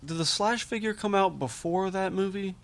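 A man's voice: high voice, normal speed. A man co-hosting a casual chat about toys and movies, laid-back and often echoing his co-host. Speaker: podcast co-host.

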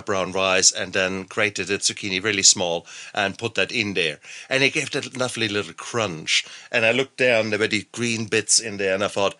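Male interview host with a low, very bright voice; casual storyteller who drops the odd swear. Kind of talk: podcast interview.

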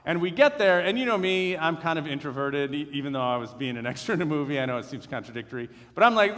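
A male pastor telling a self-deprecating personal story in a lively sermon. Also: on the high side, fast, few pauses. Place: church sanctuary. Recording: long hall reverb.

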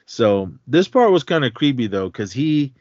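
A man co-hosting a podcast, retelling a film scene in a rambling, halting way with many fillers. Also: medium pitch, very animated, a little mellow, no echo, muffled recording. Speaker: podcast co-host. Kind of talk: casual film recap.

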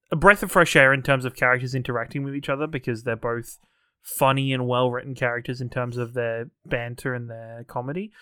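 A man's voice: medium pitch, bright, forceful tone, smooth, no room sound, studio quality. A man co-hosting a casual film podcast, talking loosely and laughing often. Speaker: podcast co-host.

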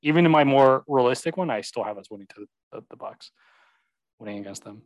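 A man's voice: medium pitch, expressive, a little fast, dry recording, poor audio. A young man chatting about football, agreeable and hesitant, full of ums and yeahs. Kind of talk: casual sports chat.

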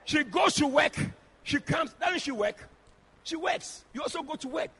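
A man preaching a sermon in church, shouting and calling out to the congregation. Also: very high voice, moderate pace. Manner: shouting, animated, addressing the congregation directly.

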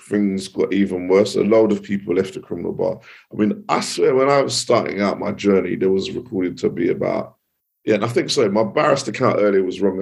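A British criminal barrister telling a story in a relaxed podcast interview, lively, with many restarts and asides. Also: male voice, deep voice, vocal fry, husky. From United Kingdom.

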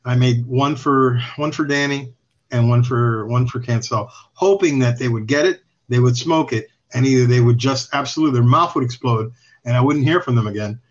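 A man guest telling stories in casual chat, rambling and swearing with chuckles. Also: medium pitch. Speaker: podcast guest. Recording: slightly dull lo-fi recording.

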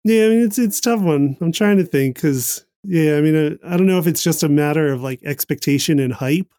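A man with a slightly high voice talks loosely and meanderingly, leaning on "like" as he thinks aloud. He breaks into small laughs along the way. The recording is close and dry. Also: brisk, mellow, dry recording. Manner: rambling, frequent "like", laughs often. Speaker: podcast co-host. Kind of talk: casual chat.

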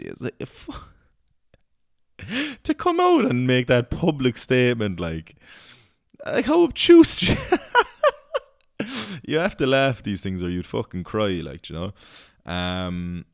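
A man's voice: low-pitched, smooth, no echo, studio quality. An Irish man hosting a podcast, ranting in casual chat and swearing freely. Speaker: podcast host.

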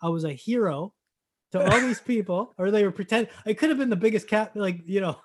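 High-voiced man telling a lively story. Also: fairly quick. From Canada. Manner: animated storyteller, acts out dialogue, bursts into shouting. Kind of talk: casual storytelling chat.

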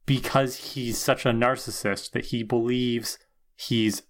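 A man's voice: medium pitch, steady tone, slow. A man co-hosting a podcast, analyzing a TV episode in casual chat. He talks things through thoughtfully and keeps checking in with "right?". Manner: thoughtful, checks in with frequent "right?", swears for emphasis. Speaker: podcast co-host.

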